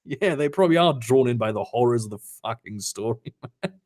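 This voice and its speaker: Speaking fairly quickly in a mid-range voice, a young man streams himself reading fanfiction from home in Germany. His reading is broken up by sarcastic, profane asides delivered animatedly and by chat with viewers.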